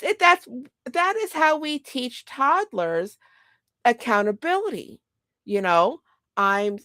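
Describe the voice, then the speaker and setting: A middle-aged woman talks straight to the point in a blunt casual monologue. Her mid-pitched voice has a gravelly edge. The sound is close and dry with no room echo. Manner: blunt, animated, quotes others in acted voices. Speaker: mother and podcast host.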